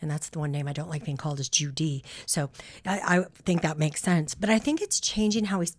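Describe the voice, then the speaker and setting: A woman's voice: low voice, steady tone, a little fast. A woman co-hosting a podcast in casual chat, affirming and encouraging as she talks. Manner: encouraging, affirming, plays out self-talk. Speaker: podcast co-host.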